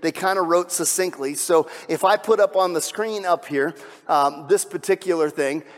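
A man preaching a sermon in a relaxed, conversational way, dropping to a hush on solemn lines and building loud at climaxes. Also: fairly high pitch, normal speed, big-room sound. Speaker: pastor.

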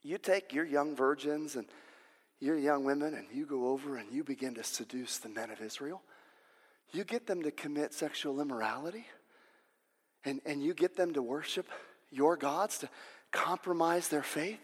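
Brief: murmuring, crafty prophet-for-hire, put on by a preacher, long room echo. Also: male voice, normal speed, slightly rough. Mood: scheming. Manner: low, hushed, conspiratorial. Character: scheming male prophet for hire, sly.

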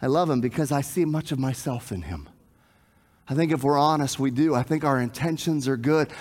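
A man preaching a sermon, animated, asking the congregation questions and acting out scenes. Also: mid-range voice, a little fast, in a large hall. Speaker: pastor.

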